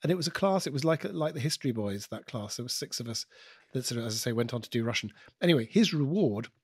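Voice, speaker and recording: A British man, a guest comedian and impressionist, chatting on a podcast in an animated, digressive storytelling manner. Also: medium pitch, quick pace, breathy edge, no room sound, clean studio sound. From United Kingdom. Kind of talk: podcast conversation.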